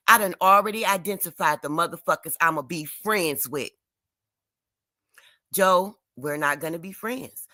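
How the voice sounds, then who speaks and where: A woman with a Detroit accent speaks on her livestream, blunt, emphatic and heavy with profanity while she is upset and crying. Her voice is lowish and sharply bright. The sound is close and dry, with no room around it. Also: dry recording. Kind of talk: emotional livestream rant.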